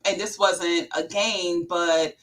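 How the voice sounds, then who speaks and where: A woman's voice: on the low side, steady tone, slow pace, a bit bright, rough recording. A woman guest in a casual fan chat, talking with enthusiasm. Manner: enthusiastic, chatty with fillers. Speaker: guest blogger.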